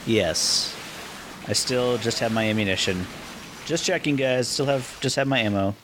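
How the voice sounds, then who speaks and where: A man co-hosting a podcast, chatting casually while playing a game, animated and quick to laugh. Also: medium pitch, noisy background. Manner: animated, laughs often, thinks aloud. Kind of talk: casual gameplay chat.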